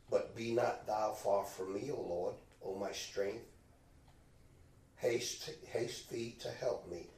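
A man reading scripture aloud in a slow, measured way at a Bible study, now and then stumbling on a word. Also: on the low side, warm tone. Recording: echoey room, distant mic, faint background.

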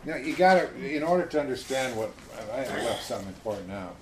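A man's voice: medium pitch, sing-song, quick pace. A man leading an informal Bible study, talking casually and reading scripture aloud to a small group. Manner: conversational, reads scripture aloud. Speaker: Bible teacher. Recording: roomy echo, faint hiss.

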